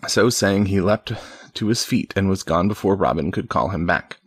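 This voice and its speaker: A man reads an old storybook aloud in a casual way, slipping on words and tossing in wry comments. His voice is husky and low, recorded close and dry. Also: normal speed, dry recording. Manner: stumbles and adds wry asides. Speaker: reader.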